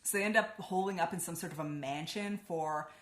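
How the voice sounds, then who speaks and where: A woman's voice: lowish voice, a little fast, roomy sound. A woman giving a casual spoken book review, chatty and swearing freely, with lots of "like".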